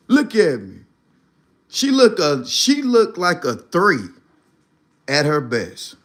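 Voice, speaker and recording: A man roasting people on his livestream, animated and loud at times. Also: on the high side, slow pace, long pauses. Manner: animated, shouting impressions. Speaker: streamer host.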